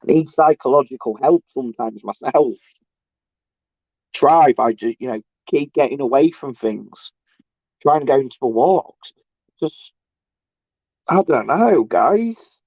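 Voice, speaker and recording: A man, ranting on a casual livestream, halting and restarting often and mocking others in sarcastic bursts. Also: medium pitch, lively intonation, darkish tone, dry recording. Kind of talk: rambling casual livestream rant. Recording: dull lo-fi dry sound.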